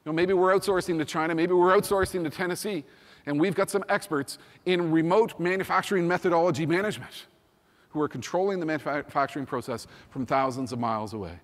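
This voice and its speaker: A man in his fifties gives an energetic, emphatic keynote talk, his fairly high voice ringing with a long hall reverb. He hammers his points home through repetition. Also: quick pace. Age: 50s. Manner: energetic, emphatic, repeats "think about" and "you know". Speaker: keynote speaker.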